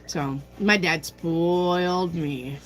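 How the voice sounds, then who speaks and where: A woman chats casually on a tarot livestream, telling a story and reading out comments from her viewers. Her voice sits a little low, and she takes her time. Her talk is loose and unhurried. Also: fairly bright tone, poor audio. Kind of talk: casual chat with live chat.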